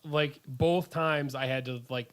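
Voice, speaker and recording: A man's voice: mid-range voice, steady tone, unhurried, fairly bright tone, smooth. A man appearing as a podcast guest in casual chat, blunt and opinionated.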